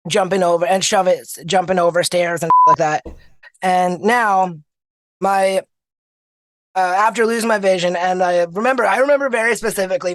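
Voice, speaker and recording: A man's voice: high voice, dry recording. A young man from Canada, a podcast guest telling stories casually and animatedly, laughing often. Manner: animated, laughs often, restarts mid-sentence. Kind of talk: casual storytelling.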